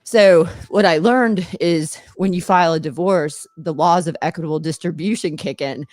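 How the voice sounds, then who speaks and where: A woman's voice: on the low side, moderate pace, darkish tone, no room sound, studio quality. A middle-aged woman, a former attorney hosting a podcast, tells stories in casual chat, meandering and often laughing mid-sentence.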